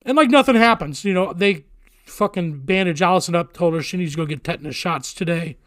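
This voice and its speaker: Profane, animated man telling a story. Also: high voice, brisk, no room sound, studio quality. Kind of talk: casual storytelling.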